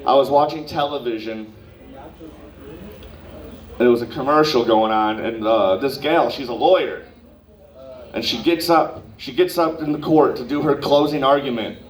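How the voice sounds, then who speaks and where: A young man doing open-mic stand-up, rambling through a profane story with lots of asides. His voice sits at an ordinary pitch for a man. The recording is roomy and echoey, caught from some distance off the mic. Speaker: stand-up comedian. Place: comedy club open mic.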